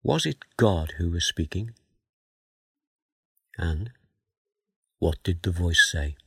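A man giving a Bible teaching sermon, asking questions and reading scripture aloud in a measured way. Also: sits low, animated, gravelly, sharp tone, slightly rough, no room sound. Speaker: preacher.

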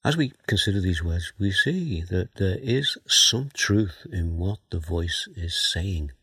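Male preacher, very husky and deep, slow measured Bible teaching. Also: animated, bright, forceful tone, no room sound. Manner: measured, questioning, reads scripture aloud.

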